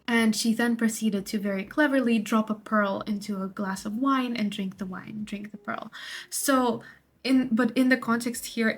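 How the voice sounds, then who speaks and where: A woman tutor explaining a literature study guide in a casual way, sometimes acting out short quotes. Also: mid-range voice. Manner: casual paraphrase with acted quotes.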